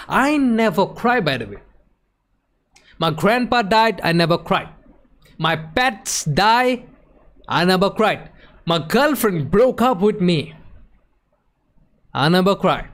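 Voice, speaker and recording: A man streaming, telling a personal story in an emotional, animated way and acting out the other people's voices. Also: high-pitched, slow pace. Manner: emotional, animated retelling that acts out quoted voices. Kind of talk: casual storytelling on a live stream.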